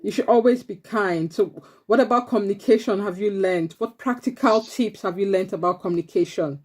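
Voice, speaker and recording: A woman's voice: mid-range voice, fairly quick, darkish tone. A woman teaching an online church class for preteens, encouraging them and repeating their answers back. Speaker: Sunday school teacher.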